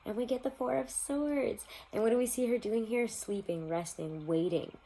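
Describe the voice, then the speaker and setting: A woman's voice: fairly high pitch, normal speed, warm tone, rough recording. A woman giving a casual tarot reading to her viewers, chatty and rambling, laughing often. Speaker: tarot reader.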